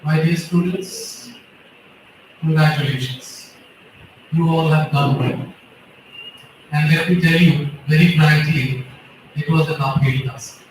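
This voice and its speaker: A man's voice: fairly high pitch, steady tone, slow pace, pauses often, slight background noise. A man giving a formal address to students and teachers at a speech competition. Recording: echoey hall, from far off.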